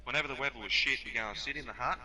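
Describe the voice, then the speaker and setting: Brief: young Aussie man, bright edgy tone, spins a rough-mouthed yarn. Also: medium pitch, racing, a little hiss or hum, poor audio. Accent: Australian. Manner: swearing, animated yarn-spinning. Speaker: podcast guest. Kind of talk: casual storytelling.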